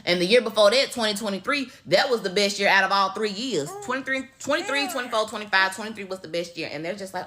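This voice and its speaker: A woman's voice: mid-range voice, fast, few pauses. A woman with a Mississippi Southern accent giving a blunt, profane, casual rant to her viewers. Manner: blunt, profane, lively storytelling. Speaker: social media commentator.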